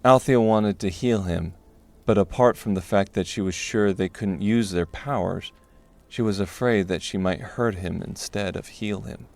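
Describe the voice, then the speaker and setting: A man narrating a dark fantasy audiobook in a steady, measured way. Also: fairly low pitch, gravelly.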